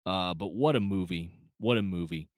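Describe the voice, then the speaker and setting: A man's voice: low voice, moderate pace, dry recording, studio quality. A man casually reviewing a film, rambling with many fillers and restarts, choked up and holding back tears. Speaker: movie reviewer.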